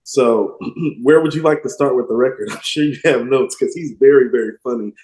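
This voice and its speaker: Guy talking music on a podcast, mellow voice, lots of emphasis, roomy echo. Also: mid-range voice, a little fast. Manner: animated, emphatic, quotes lyrics with relish. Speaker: podcast co-host. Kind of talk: casual music discussion.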